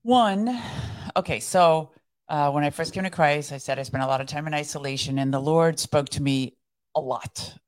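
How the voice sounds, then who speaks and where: A podcast co-host speaks in a low voice at a normal pace, sharing her faith story earnestly and reflectively in a casual conversation about faith.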